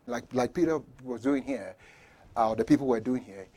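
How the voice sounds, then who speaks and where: A man preaching a sermon, telling stories with sudden loud bursts and hushed near-whispers, chuckling between points. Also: medium pitch, normal speed, husky. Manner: animated storytelling, swings from loud shouts to near-whispers. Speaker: pastor.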